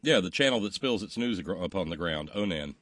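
A man's voice: deep voice, lively intonation, a little fast, fairly bright tone, no room sound. A man hosting a political talk show, blunt and wry, swearing casually as he reads listener questions.

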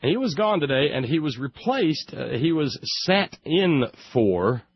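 A man's voice: on the high side, very animated, unhurried, slightly rough, no echo, lo-fi sound. A man hosting a casual talk show, sarcastic and rambling with many fillers and restarts. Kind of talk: casual radio monologue.

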